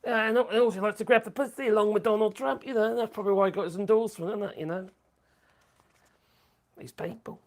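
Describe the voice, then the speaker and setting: A man's voice: sits high, fast. A man with a Norfolk accent hosting a casual live stream, reading out viewer comments in a chatty, crude and mocking way, often muttering asides. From England.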